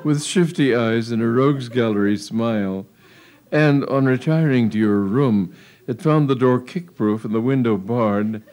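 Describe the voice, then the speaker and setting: A man's voice: mid-range voice, a little mellow. A man reading a humorous story aloud in a wry, amused storytelling manner. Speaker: narrator. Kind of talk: audiobook reading of a comic tale.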